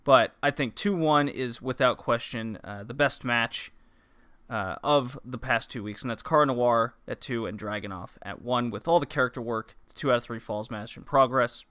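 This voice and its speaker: Bright, clear-voiced podcaster guy. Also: mid-range voice, moderate pace. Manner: blunt and profane, loose with fillers. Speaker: podcast host. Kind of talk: casual wrestling podcast recap.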